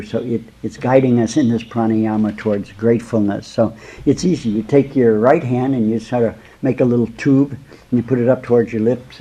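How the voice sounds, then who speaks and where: A man with a husky, slightly breathy voice gives a spiritual talk. His pitch sits in an ordinary middle range. He talks slowly and meanders from point to point, tenderly calling his students beloved. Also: mellow, muffled recording. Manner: slow, rambling, addresses listeners as beloved. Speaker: spiritual teacher.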